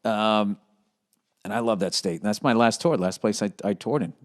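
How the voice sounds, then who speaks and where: A man's voice: on the low side, normal speed. A middle-aged man hosting a solo podcast, rambling sarcastically with lots of swearing and self-mockery. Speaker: podcast host.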